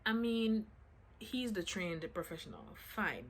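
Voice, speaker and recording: A woman's voice: mid-range voice, big pitch swings, measured pace. A woman casually telling a personal story to her vlog audience, acting out the quotes with lots of "I'm like" asides.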